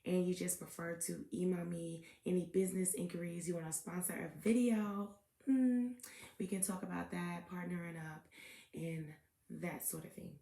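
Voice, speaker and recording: A woman's voice: fairly low pitch, fairly even intonation, moderate pace, gravelly, warm tone. A woman tarot reader talking in a casual, chatty vlog, full of "um" and "okay?" asides. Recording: echoey room.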